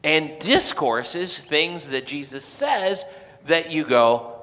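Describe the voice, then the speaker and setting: A man giving a casual, conversational sermon, talking in a halting way with frequent restarts and fillers. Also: on the high side, expressive, bright, forceful tone, in a large hall. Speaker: preacher.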